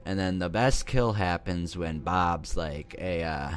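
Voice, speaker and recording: A man with a low, deep voice tells a movie's story in a loose, rambling way. He swears freely and jokes between plot points, sounding casual and unscripted. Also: slow pace. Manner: rambling, profane, joking. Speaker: movie reviewer.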